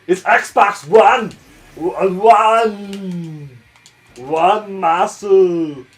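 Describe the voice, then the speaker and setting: A man doing a booming, slow, shouted bodybuilder voice. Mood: boasting.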